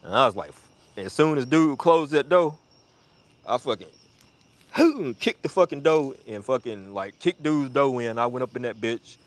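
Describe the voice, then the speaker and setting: A man telling a rambling, profane story in casual chat, acting out the other people in a high voice and dropping to a mutter when he reflects. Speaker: storyteller on a live audio chat.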